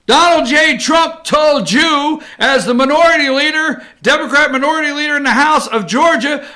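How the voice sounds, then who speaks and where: A man's voice: extremely high pitch, bright, forceful tone. A male talk show host giving emphatic, opinionated commentary and cueing his producer between clips. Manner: ranting, emphatic, cues the producer.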